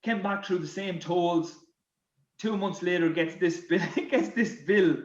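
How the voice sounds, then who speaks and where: A man, a former footballer and podcast guest, telling anecdotes in a lively way. He repeats words as he goes. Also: high-pitched, measured pace, reverberant, muffled recording. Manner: animated, repeats words, laughs at his own stories. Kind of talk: anecdotal storytelling.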